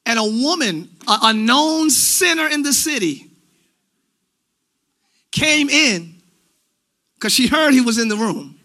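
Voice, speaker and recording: A man with a strikingly high voice preaches in a church. His tone is sharp and bright. He drives his points home with shouted emphasis. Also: expressive, slow pace, pauses often. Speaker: pastor. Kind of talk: sermon. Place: church sanctuary.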